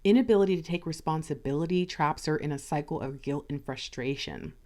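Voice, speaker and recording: A woman's voice: low-pitched, brisk, darkish tone. A woman giving a casual tarot card reading, chatty, often acting out little conversations in other voices. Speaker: tarot reader.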